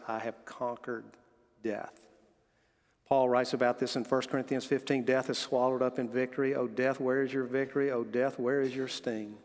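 Man preaching in a reverberant hall. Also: mid-range voice. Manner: earnest preaching with storytelling and scripture reading. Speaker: pastor. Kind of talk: sermon.

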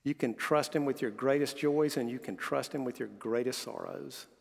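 A man's voice: medium pitch, normal speed, gravelly, long reverb tail. A man delivering a sermon as pastor, earnestly preaching, telling stories and reading scripture aloud.

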